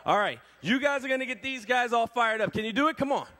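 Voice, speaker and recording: A man's voice: extremely high pitch, fast talker. A man performing a strength ministry demonstration on stage at a church event, talking energetically and rallying the audience and kids. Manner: energetic, rallies the crowd and kids.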